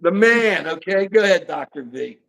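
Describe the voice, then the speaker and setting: A man's voice: high voice, moderate pace, gravelly. An older man hosting a livestream, ranting heatedly and animatedly about the news. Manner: ranting, animated, mocking put-on voices. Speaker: show host. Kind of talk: heated political livestream chat.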